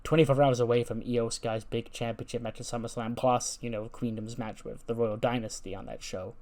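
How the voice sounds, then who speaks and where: A chirpy woman interviewer introduces her guest briskly, with a man reading her part. The voice stays at a plain male middle pitch, with no attempt to raise it. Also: flat delivery, darkish tone, close to an everyday voice. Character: female backstage interviewer.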